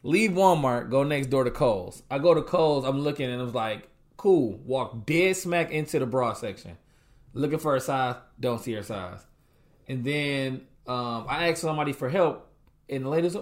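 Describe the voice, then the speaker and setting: A young man telling a casual story in a middle-pitched voice. He acts out his own reactions and quotes people as he goes. The talk is loose and conversational. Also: a little fast. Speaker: co-host, husband.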